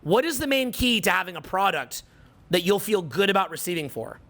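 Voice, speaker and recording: Middle-aged Canadian male coach, high-pitched, emphatic and preachy, motivational seminar delivery. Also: big pitch swings, a little fast, vocal fry, fairly bright tone. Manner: emphatic, preachy, repeats phrases for effect. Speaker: social skills coach.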